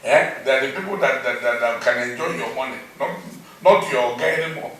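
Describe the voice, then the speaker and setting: A man with a Nigerian accent playing a broke father who begs for help, halting and repeating his words. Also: mid-range voice, a bit bright, distant mic, natural voice. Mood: pleading. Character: desperate broke middle-aged father, pleading. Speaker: struggling father begging for help. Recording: echoey room, voice from afar, faint noise.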